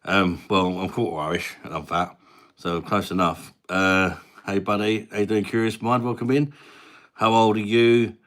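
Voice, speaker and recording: Streaming casually from his mum's house, this English host in his thirties speaks at a moderate pace with a lowish, fairly bright voice and flat delivery. He chats back to viewer comments like a mate and reads out their names.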